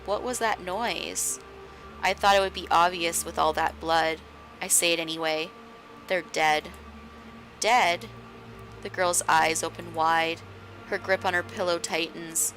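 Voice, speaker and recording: Woman reading a visual novel slowly. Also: sits low, flat delivery, fairly bright tone, soft background music. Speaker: game streamer.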